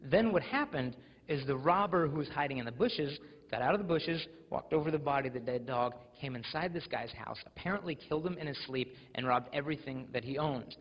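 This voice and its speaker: Animated young American man, husky, echoey hall. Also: mid-range voice, fairly quick. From United States. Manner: animated storytelling, mimics voices. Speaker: school speaker. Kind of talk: live motivational talk to teens. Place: school auditorium. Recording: echoey hall, dull lo-fi sound.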